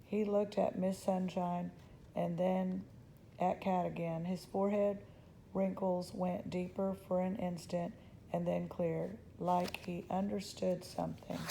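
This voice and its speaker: A woman reading a children's novel aloud in a gentle, unhurried storytelling voice. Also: on the low side, little pitch movement, gravelly, a little hiss or hum, rough recording. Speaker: storybook reader.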